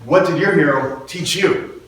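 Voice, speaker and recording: High-voiced man in an echoing hall. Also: unhurried, a bit bright. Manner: playful, self-mocking, laughs often. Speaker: public speaker. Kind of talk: storytelling motivational speech. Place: hall with an audience. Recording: echoey hall, mic far off.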